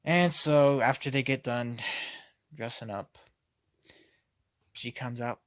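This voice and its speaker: A man's voice: mid-range voice, takes it slowly, pauses often, dry recording. A man giving a casual, critical comic book review, hesitating often and sighing.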